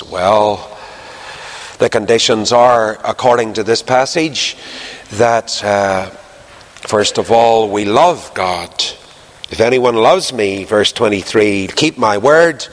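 A man preaching a sermon, lively and conversational, jumping up in pitch to stress a point. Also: slow. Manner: animated, jumps in pitch for emphasis. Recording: long hall reverb.

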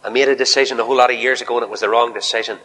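A man preaching a fiery revival sermon in a large church hall, swinging from shouted appeals to hushed near-whispers. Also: mid-range voice, fairly even intonation, racing.

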